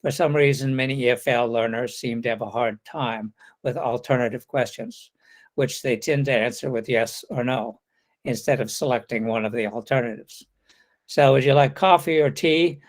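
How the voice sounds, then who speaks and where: Explanatory male webinar lecturer. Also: mid-range voice. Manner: explanatory, reads example questions aloud with contrasting intonation. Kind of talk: online lecture.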